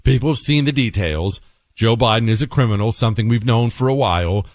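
Talk radio host, male, drawl, lively exasperated delivery, dry close mic. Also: medium pitch, a little fast, dry recording. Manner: animated, exasperated, joking. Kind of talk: political talk radio monologue.

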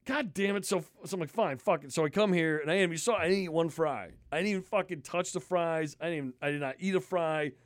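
Brief: male podcast host, slightly high voice, animated profane ranting, dry close mic. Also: quick pace, hardly any pauses, dry recording. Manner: animated, swears constantly, disgusted ranting. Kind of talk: casual profane storytelling.

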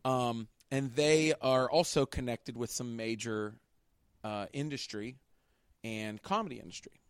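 A man's voice: medium pitch, unhurried, clear, resonant tone, dry recording, studio quality. A man from Pittsburgh, a comedian, talking casually on a podcast and acting out quoted lines. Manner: animated, acts out quoted lines.

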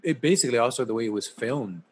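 A man chatting casually about a movie, relaxed and rambling, with a slightly husky voice. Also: medium pitch, fast, slight background noise. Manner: relaxed, rambling, many fillers.

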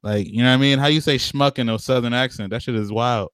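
A man's voice: medium pitch, fast talker, fairly bright tone, clean tone, dry recording. A man co-hosting a podcast, talking in profane, slangy, joking banter. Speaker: podcast co-host. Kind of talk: casual chat.

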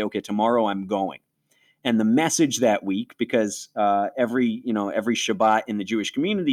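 A man in his forties from Western New York, hosting and telling his personal faith story in an interview, earnest and reflective, often acting out his own past thoughts. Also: fairly low pitch.

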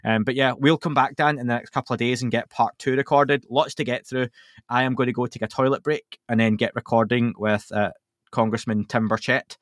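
A man's voice: mid-range voice, steady tone, fairly quick, fairly bright tone, no room sound. A man hosting a podcast in a loose, rambling way. His voice sits mid-range and is recorded close and dry, with no room sound. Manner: chatty, rambling, lots of fillers. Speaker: podcast host. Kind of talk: casual podcast chat.

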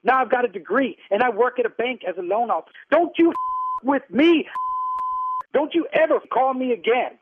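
A man on a prank call, indignantly shouting insults at the caller. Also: very high-pitched, animated, quick pace, hardly any pauses, noisy background. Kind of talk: angry phone argument. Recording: tinny phone line.

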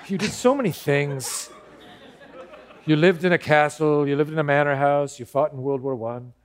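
A man's voice: a little high, a little slow, pauses often, some chatter behind, close to an everyday voice. An actor playing a pompous, starstruck male newsman who gushes, fumbles and gets flustered as he interviews a guest. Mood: rambling. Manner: flustered, fawning, voice cracking. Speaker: host. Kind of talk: comedic character interview.

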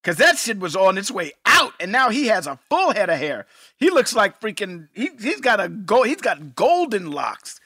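A man's voice: sits high, very animated, normal speed, pushed and bright, breathy edge, dry recording, clean studio sound. A man co-hosting a podcast rewatch, chatting casually and animatedly, laughing often. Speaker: podcast co-host. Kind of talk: casual chat.

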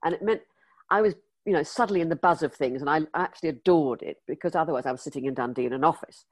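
A low-pitched older woman from the UK, chatting as an interview guest. She tells anecdotes with energy and slips into the voices of the people she quotes. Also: fast. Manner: lively anecdotal storyteller, acts out quoted dialogue. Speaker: former magazine editor, interview guest. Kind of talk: storytelling interview.

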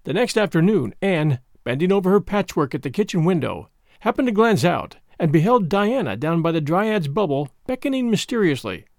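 A man hosting and narrating a classic novel aloud in a measured storytelling manner. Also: high voice, sing-song, dry recording, studio quality. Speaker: podcast host and reader. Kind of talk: audiobook narration.

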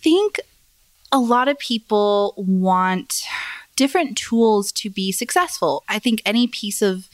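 A woman's voice: medium pitch, animated, slow pace, no room sound. A woman co-hosting a podcast, chatting casually in a friendly, earnest way. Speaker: podcast co-host. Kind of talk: casual chat.

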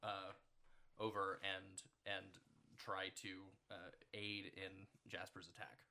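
A man's voice: sits low, level tone, slow pace, gravelly, pushed and bright. A man playing a tabletop game, describing his character's actions hesitantly with many fillers. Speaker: player.

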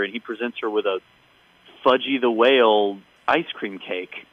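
A man talks casually as a podcast host, recapping a string of events with wry, bemused asides. His voice is mid-pitched, and the recording sounds dull and a bit lo-fi. The room is dead and dry, with no echo. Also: animated, unhurried. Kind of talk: casual chat.

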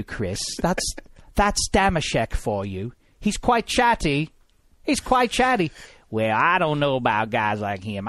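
List: a man voicing a folksy old-fashioned guy, rambling, lively pitch, dry close sound. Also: no echo. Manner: folksy, rambling, confused about podcasts.

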